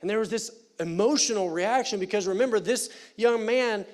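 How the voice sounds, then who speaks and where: A man preaching a sermon in a church, animated and conversational with playful asides. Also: high-pitched, moderate pace. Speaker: pastor. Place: church sanctuary.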